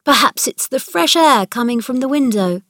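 A woman's voice: sits high, expressive, normal speed, a bit bright, no room sound, clean studio sound, voice pushed up. A woman doing an eager, sickly young boy. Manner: eager, breathless questions.

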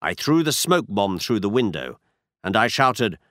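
A man narrating a story in the first person with a measured, expressive reading. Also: fairly low pitch, dry recording, clean studio sound. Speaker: audiobook narrator.

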